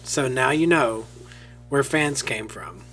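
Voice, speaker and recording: A man's voice: medium pitch, animated, slow pace, a bit bright. A man co-hosting a podcast, talking in a laid-back, casual way. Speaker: podcast co-host. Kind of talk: casual chat.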